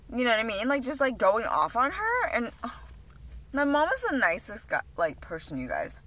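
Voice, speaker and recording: A young woman talks straight to the camera in a loose, confessional vlog. Her voice is bright and forward. She rambles, swears freely and fills almost every sentence with "like" and "you know". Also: a little high, very animated, moderate pace. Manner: rambling, heavy swearing, many fillers. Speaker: vlogger.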